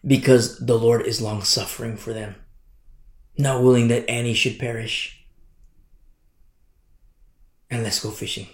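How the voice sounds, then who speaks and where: A man's voice: medium pitch, fairly even intonation, unhurried, long pauses. A man preaching a sermon as pastor, pressing home his points with repeated rhetorical questions. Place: church hall. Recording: echoey church room.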